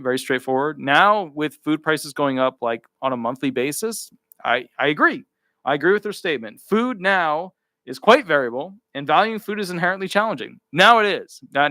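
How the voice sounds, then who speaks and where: Emphatic man, high-ish voice, dry sound. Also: sharp tone, dry recording. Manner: emphatic, piles up repeated words; offhand asides between read-out passages. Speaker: disability attorney. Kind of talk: live commentary reading a rule aloud.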